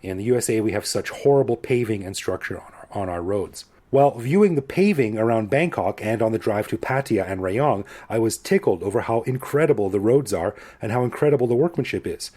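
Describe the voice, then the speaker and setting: A Canadian man in his forties co-hosting a podcast, talking in a relaxed, self-deprecating way. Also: on the low side, a little fast, few pauses. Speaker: podcast co-host. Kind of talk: casual chat.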